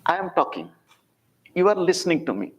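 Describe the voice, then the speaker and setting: A man in his sixties with an Indian accent and a notably high-pitched voice delivers a public spiritual talk. He speaks deliberately, repeating phrases and asking rhetorical questions as he teaches. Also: very animated, rough recording. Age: 60s.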